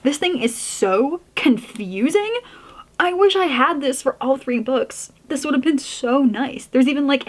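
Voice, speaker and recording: Rambling young woman book vlogger. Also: high-pitched. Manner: rambling, emotional, laughs often, many fillers. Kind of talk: casual reading vlog chat.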